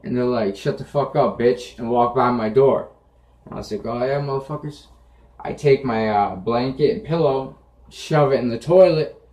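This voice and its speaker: A man's voice: medium pitch, a little mellow. A young man casually telling a personal story to his viewers, blunt and profane, talking matter-of-factly. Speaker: vlogger. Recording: echoey room.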